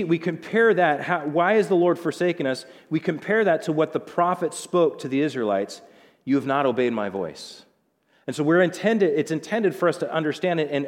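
A man preaching a conversational Bible sermon, acting out quoted lines with changing voices. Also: fairly high pitch. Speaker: pastor. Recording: long hall reverb.

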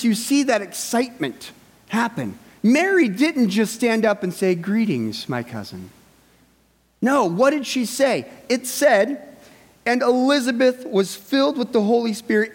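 Man, pastor, sermon, conversational, high-pitched, long hall reverb. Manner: conversational, with frequent "right?" asides.

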